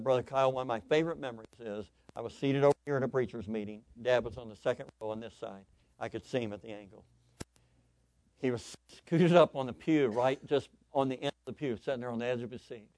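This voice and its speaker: Male pastor, sermon, excitable storytelling, repeats himself, medium pitch, dry close sound. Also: dry recording. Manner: animated, excitable preaching with frequent repetition.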